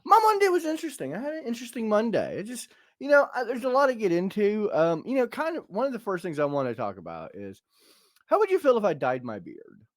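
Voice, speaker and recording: A middle-aged man hosting a casual podcast, telling a story in a rambling, animated way with many restarts. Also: high voice, fast, no echo, clean studio sound. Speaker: podcast host. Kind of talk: casual chat.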